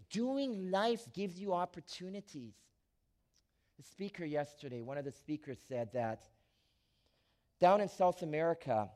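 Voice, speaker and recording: In a slightly high voice, a pastor delivers an animated sermon, moving from quiet asides to loud, emphatic lines and often restarting his sentences.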